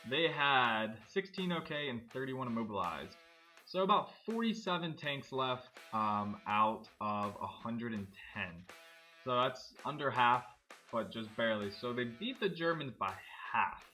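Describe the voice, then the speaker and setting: A man casually commenting as he plays a tank game, thinking aloud and getting excited when things blow up. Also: medium pitch, a little slow, soft background music. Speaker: gameplay commentator. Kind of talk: casual let's-play commentary.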